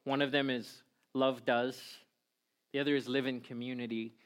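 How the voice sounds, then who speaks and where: A middle-aged man preaching a sermon in a church, telling stories with lively acted-out voices. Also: mid-range voice, moderate pace. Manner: animated storytelling with acted-out voices. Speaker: pastor.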